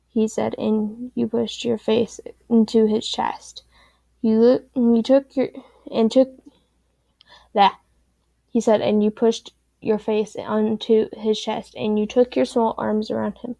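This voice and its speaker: A woman's voice: fairly high pitch, little pitch movement, measured pace, creaky, dark tone, dry recording, dull audio. A woman chatting offhandedly before reading a fan story aloud. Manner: rambling, offhand. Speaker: story reader.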